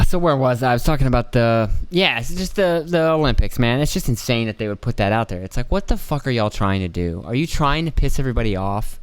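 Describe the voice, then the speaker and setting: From home, this podcast host talks alone in a loose, swearing, incredulous ramble. The man's mid-range voice comes across smooth, and there's no room sound at all.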